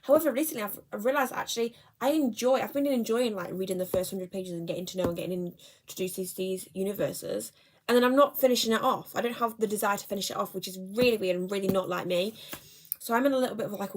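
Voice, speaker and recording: A young woman talks through her reading in a loose, rambling way. She doubles back on her words and corrects herself often. Her voice sits in an ordinary middle pitch. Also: fast, slight background noise. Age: young adult. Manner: chatty, rambling, self-correcting. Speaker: book vlogger. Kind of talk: casual chat.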